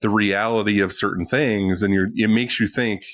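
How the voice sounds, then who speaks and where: A man in casual podcast chat, telling a story with a lot of swearing and animated outbursts. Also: fairly low pitch, moderate pace, dry recording. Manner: animated, profane, ranting storyteller. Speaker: podcast guest.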